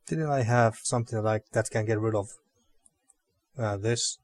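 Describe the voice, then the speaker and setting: A man's voice: lowish voice, a little slow, a little mellow, no room sound. A man giving casual gameplay commentary, thinking aloud in a hesitant way with fillers. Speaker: let's play host.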